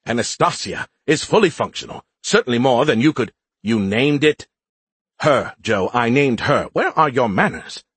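A man's voice: mid-range voice, animated, normal speed, fairly bright tone, breathy edge, dry recording. A man voicing a perky, smug male AI in a beer can, teasing and snarky, for an audiobook. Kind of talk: audiobook character voice.

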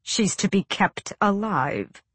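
A woman reading an audiobook voices a cool, bored, cruel male villain who speaks with soft, slow, silky menace. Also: medium pitch, very animated, breathy edge, no echo, heavily acted. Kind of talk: audiobook character voice.

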